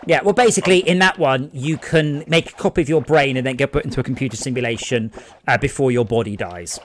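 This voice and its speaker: A man's voice: mid-range voice, fast, a little hiss or hum. A man chatting and joking casually on a gaming stream, often slipping into mock voices. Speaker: streamer co-host. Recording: faint music in background.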